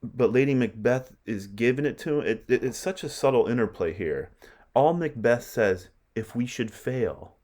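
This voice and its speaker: A man's voice: mid-range voice, expressive, normal speed, darkish tone. A male literature teacher lecturing on a play in a conversational way, often checking in with his listeners. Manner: conversational, keeps checking with "right?".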